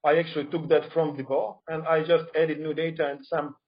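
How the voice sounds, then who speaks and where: A man's voice: on the high side, level tone, fairly quick, dull audio. A man giving an academic conference talk, criticizing another scholar's claims in an emphatic, argumentative way over a remote video call. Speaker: conference speaker.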